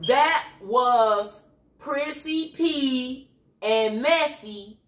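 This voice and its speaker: Slow, preachy Chicago woman ranting. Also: fairly high pitch, bright, forceful tone, echoey room. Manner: blunt, preachy, streetwise. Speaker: YouTuber. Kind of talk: ranting commentary livestream.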